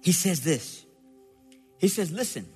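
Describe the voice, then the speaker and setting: Guy preaching a sermon, big swings up and down, long echo, soft music under it. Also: sits high, sing-song, unhurried, breathy edge. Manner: dramatic, acts out scripture with rising shouts and playful asides.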